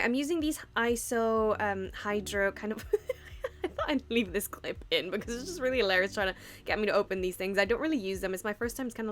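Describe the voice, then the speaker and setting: A woman's voice: medium pitch, fairly bright tone. Young woman beauty vlogger, casual rambling voice-over, self-deprecating humor. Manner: chatty, rambling, laughs at own slips. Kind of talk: casual makeup tutorial voice-over.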